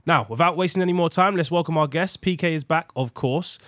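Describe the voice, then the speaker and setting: A man's voice: a little high, a little fast, fairly bright tone, dry recording, studio quality. A man hosting a podcast, upbeat and guiding the casual chat. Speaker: podcast host.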